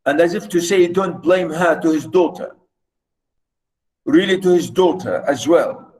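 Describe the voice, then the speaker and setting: A male lecturer walks listeners through a novel at a slow, patient pace. His voice sits a little high, and he restates each idea with frequent fillers as he explains. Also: a little mellow, low-quality recording. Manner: explanatory, repeats points, many "you know" fillers. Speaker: literature lecturer.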